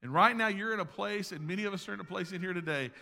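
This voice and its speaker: A man preaching a sermon as pastor, swinging between loud emphasis and hushed asides, recorded in a church sanctuary. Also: sits high, fast, vocal fry. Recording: long reverb of a large hall.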